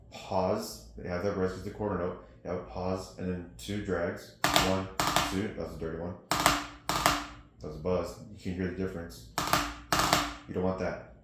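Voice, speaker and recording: A man with a very low voice teaches snare drum, counting rhythms aloud between demonstrations. He is recorded in an echoey practice room, with loud noise behind him. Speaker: percussion teacher. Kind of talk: instructional snare lesson. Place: practice studio with drums.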